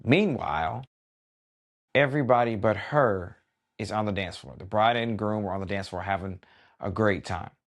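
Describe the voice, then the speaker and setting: A middle-aged man, a wedding DJ hosting a podcast, telling a story in a relaxed conversational way with lots of asides. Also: on the low side, moderate pace. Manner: relaxed and conversational, many "you know" asides.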